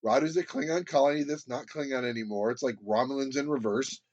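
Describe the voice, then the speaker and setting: A man co-hosting a casual book discussion podcast, animated, laughing often and acting out quotes from the story. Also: mid-range voice, fast, no room sound, dull audio. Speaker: podcast co-host.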